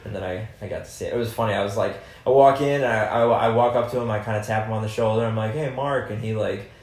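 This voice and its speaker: A man with a somewhat low voice chats casually on a podcast, telling stories in a loose, easygoing way and cursing freely. The recording has a noticeable roomy echo. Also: quick pace, darkish tone. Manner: loose, storytelling, swears freely. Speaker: podcast guest or host. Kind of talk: casual chat.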